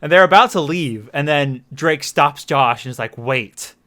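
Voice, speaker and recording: Male co-host, halting and filler-heavy, a bit high-pitched, laughs often. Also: animated, pushed and bright. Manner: hesitant, many fillers, laughs at own jokes. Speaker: podcast host. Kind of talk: casual chat.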